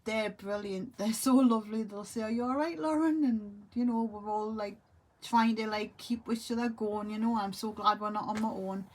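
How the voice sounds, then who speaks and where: A grieving, tearful woman talks to camera in a halting way, often trailing off and repeating herself. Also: mid-range voice, flat delivery. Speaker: vlogger. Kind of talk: emotional monologue to camera.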